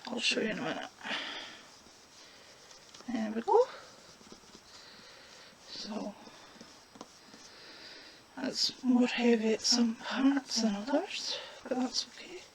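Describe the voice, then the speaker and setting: A woman's voice: on the high side, vocal fry, noisy background. A woman, chatting casually while demonstrating a colouring craft. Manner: chatty, unhurried, talks while working.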